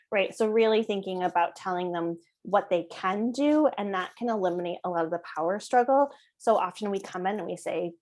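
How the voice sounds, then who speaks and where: A woman's voice: medium pitch, normal speed, hardly any pauses, darkish tone. A woman in her thirties giving a presentation to parents. She talks conversationally, often checks in with "right?", and acts out short exchanges between parents and kids. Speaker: parenting educator.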